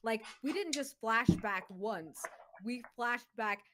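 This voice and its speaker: A woman player in a tabletop game, gushing and rambling fast with many fillers in a casual post-game chat. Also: on the high side, sharp tone, slight background noise.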